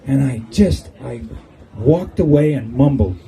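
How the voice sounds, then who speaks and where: A man's voice: on the high side, big pitch swings, fairly quick, warm tone, faint music behind, rough recording. An older man giving a humorous farewell speech on an outdoor patio, telling jokey stories and chuckling at his own punchlines. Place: outdoor golf club patio.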